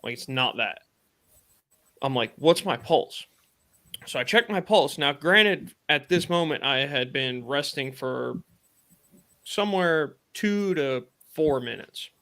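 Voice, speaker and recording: A man's voice: on the high side, expressive, slow, bright, forceful tone. A man hosting a live stream, casually retelling a personal story in a rambling way with lots of fillers and quoted thoughts. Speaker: podcast host.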